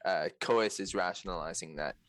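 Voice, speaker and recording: A man's voice: low-pitched, normal speed, fairly bright tone. A man playing in a tabletop game over voice chat, hesitant, stopping to ask questions. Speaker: player.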